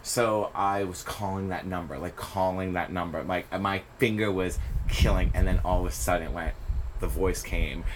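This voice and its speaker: A man guest on a podcast, telling stories in a casual interview, animated and often laughing as he acts out what people said. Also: low-pitched, moderate pace, hardly any pauses, noisy background. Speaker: podcast guest, stage performer.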